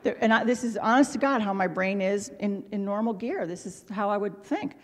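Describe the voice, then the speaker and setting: Woman, middle-aged, symposium speaker, animated storytelling, self-deprecating asides, long ballroom reverb. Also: mid-range voice, brisk. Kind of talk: personal storytelling talk. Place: large ballroom.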